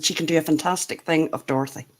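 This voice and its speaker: A woman's voice: deep voice, quick pace. A woman from Northern Ireland with a Northern Irish accent, hosting a casual group chat and laughing often. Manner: laughs often, chatty and animated. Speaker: show host.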